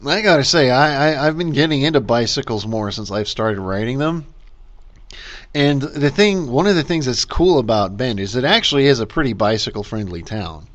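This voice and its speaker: Male podcast host, middle pitch, caffeinated rambling rant, profane, muffled home recording. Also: animated, normal speed. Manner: rambling, lots of fillers and restarts, profane. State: caffeinated, talking fast. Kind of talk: casual solo rant.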